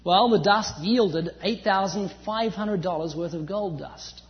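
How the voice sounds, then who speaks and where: Male preacher, faint New Zealand accent, dramatic loud-soft delivery, muffled lo-fi recording. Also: high voice, a little slow. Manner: animated preaching, swinging from loud emphasis to hushed asides. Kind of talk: sermon. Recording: dull sound with long hall reverb.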